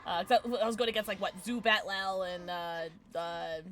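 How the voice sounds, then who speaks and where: A young woman streaming a game from home on a desk microphone, chatting excitedly to her viewers and breaking into shouts and laughter. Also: medium pitch, moderate pace. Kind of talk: live gameplay commentary.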